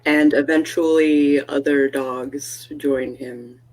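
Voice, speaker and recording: Unhurried woman running a tabletop game. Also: a bass voice, steady tone, darkish tone, rough recording. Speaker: storyteller, game master. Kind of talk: narrating a tabletop role-playing game.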